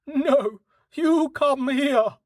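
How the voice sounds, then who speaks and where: Man doing a cheeky high-voiced horse. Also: no echo, clean studio sound, full character voice. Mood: teasing. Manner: high, drawn-out and teasing. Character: cheeky clever male horse, playful.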